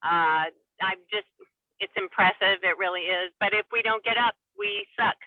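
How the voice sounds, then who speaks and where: Animated woman on a tinny phone line. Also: mid-range voice, moderate pace, dry recording. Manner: animated, laughing storyteller. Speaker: guest comedian. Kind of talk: casual chat with storytelling. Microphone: phone call.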